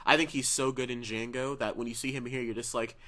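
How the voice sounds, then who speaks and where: A man's voice: mid-range voice, steady tone, brisk, pushed and bright. A man co-hosting a movie podcast in casual chat, laughing often and slipping into quoted film lines. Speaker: podcast co-host.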